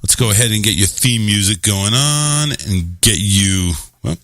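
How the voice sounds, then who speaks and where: A man's voice: lowish voice, unhurried, fairly bright tone, no echo. A man hosting a radio show, chatting casually and joking around, sometimes slipping into silly voices.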